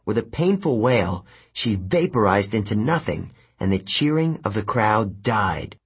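A man narrating an adventure story in the first person, measured and expressive. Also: fairly low pitch, slightly rough. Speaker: audiobook narrator.

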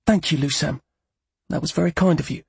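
Neela, a spirited young woman, as a male narrator puts her on, blunt and quick-tongued, her voice lifted higher with a husky, gravelly edge. She speaks in a dry, close storybook reading. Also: a little mellow, dry recording, heavily acted.

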